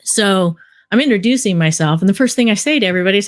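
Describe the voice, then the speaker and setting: A woman's voice: medium pitch, animated, fast talker. Rambling woman filmmaker telling stories. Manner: rambling storyteller, many fillers like "you know". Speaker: documentary film director. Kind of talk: casual interview talk.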